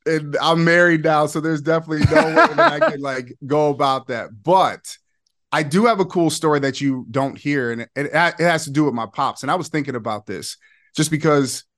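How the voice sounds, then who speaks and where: A man in his forties telling a personal story as a podcast guest, excited, with quick bursts and laughing asides. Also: fairly high pitch. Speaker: podcast guest, former player. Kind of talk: animated storytelling.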